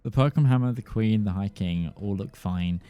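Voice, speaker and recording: A man narrating as game master of a tabletop game, halting and full of fillers, often breaking into laughter. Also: lowish voice, lo-fi sound.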